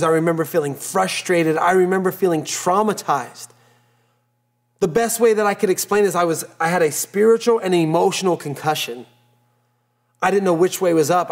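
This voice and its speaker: A man preaching a sermon as pastor, telling a personal story in an earnest way and repeating phrases for emphasis. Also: fairly high pitch.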